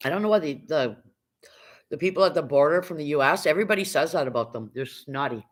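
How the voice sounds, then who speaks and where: A woman's voice: low voice, lively intonation, quick pace. Middle-aged woman, live stream host, chatty, casual, greets viewers by name. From Canada. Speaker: livestream host.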